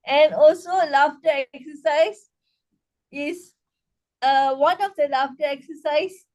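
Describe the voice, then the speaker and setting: A woman leads a laughter yoga class, with a high voice that keeps climbing into bursts of loud, rhythmic laughter and cheers. She talks slowly and calmly between the exercises, like a teacher guiding a group. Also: rough recording. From Malaysia. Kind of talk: leading a laughter yoga session.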